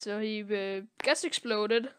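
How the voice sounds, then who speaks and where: Young woman rambling about comics on a podcast, slow, smooth clear voice, kinda high. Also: fairly bright tone. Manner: rambling, heavy use of filler words. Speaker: podcast co-host. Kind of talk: casual comic recap.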